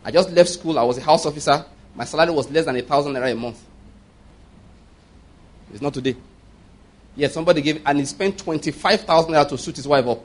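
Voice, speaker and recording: A man's voice: a little high, fast, long pauses. A man in his fifties preaching a sermon with emphasis, repeating his points and checking that listeners follow.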